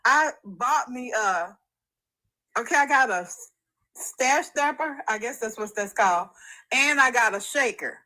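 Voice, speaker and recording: A woman from Texas with a Texan accent, calling in with a hesitant, soft manner and many fillers. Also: on the high side, expressive, unhurried, low-quality recording. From Houston, Texas. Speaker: caller.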